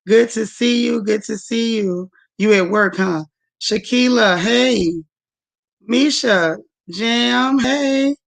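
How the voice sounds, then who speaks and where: Her voice is a little high, slow, and touched with vocal fry. Hosting a casual livestream, the woman chats warmly, welcoming viewers by name and calling them y'all and sis.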